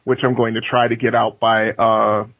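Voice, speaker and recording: A man's voice: lowish voice, little pitch movement, moderate pace, fairly bright tone, no echo. Laid-back male podcast co-host. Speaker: podcast co-host and game master. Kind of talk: casual chat. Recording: dull, lo-fi podcast audio.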